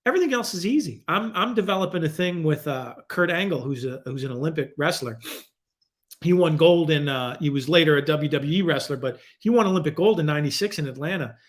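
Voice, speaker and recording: A man in his forties, a podcast guest, telling stories in a casual, animated, profane way. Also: fairly quick. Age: 40s. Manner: animated, profane, acts out quoted voices with big pitch jumps.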